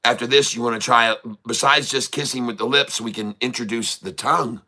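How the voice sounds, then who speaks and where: A man doing a soft, coaxing woman. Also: mid-range voice, fairly even intonation, fairly quick.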